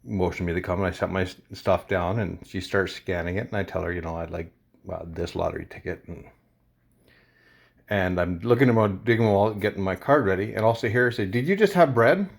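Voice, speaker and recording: A man vlogger casually recounting a confrontation in an animated, indignant way. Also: low voice, a little fast, creaky. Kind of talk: casual storytelling to camera.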